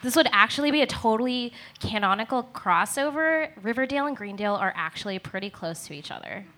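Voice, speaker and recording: A woman's voice: fairly high pitch, lively intonation, fast talker, sharp tone. A woman reading the part of a mysterious, knowing teenage witch in a comedic table read, cool and matter-of-fact.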